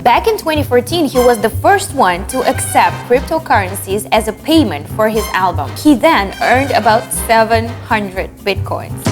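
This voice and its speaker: A woman hosting a news show, reading a lively, playful script. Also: on the high side, moderate pace, hardly any pauses. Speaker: news host. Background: music.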